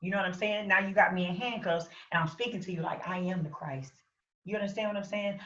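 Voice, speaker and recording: A woman recounts her story in an animated way, acting out what she shouted. Her voice is bright and forceful. She sounds distant in a roomy space, on a dull lo-fi recording. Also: mid-range voice, fairly quick. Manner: animated, acts out her own shouts and quotes. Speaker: interview guest. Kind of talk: personal story in an interview.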